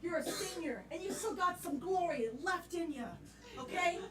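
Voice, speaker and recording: A woman in a live improv scene playing a rambling, emotional high school football coach. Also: lively intonation, moderate pace. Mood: earnest. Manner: rambling, choked-up pep talk. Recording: echoey stage sound from a distant mic.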